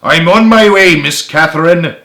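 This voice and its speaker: A man's voice: on the high side, moderate pace, sharp tone, echoey room, pitched above the performer's own voice. A man putting on a grandiose young Scotsman. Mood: dramatic. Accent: put-on Scottish. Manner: grand, dramatic proclaiming. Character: pompous young Scottish man, wordy.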